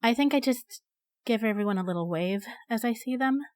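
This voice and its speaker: A woman's voice: a little high, a little fast, a little mellow. A woman playing a tabletop game, chatty and upbeat. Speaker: player. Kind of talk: tabletop role-play chat.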